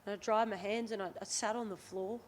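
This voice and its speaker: A woman's voice: medium pitch, a little fast. Aussie woman in her 30s, chatty candid storyteller, bit of hiss behind. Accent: Australian. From Australia. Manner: candid, chatty, lively retelling with quoted dialogue. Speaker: guest, rugby league player. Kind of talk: podcast interview storytelling.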